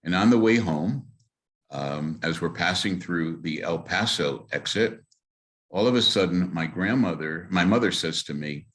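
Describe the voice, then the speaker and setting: A man with a very low, deep voice tells stories to a congregation, speaking as a rabbi. He acts out the dialogue in his stories with animated delivery. He often pauses on filler words. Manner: animated storyteller who acts out quoted dialogue, with frequent fillers. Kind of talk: storytelling talk to a congregation.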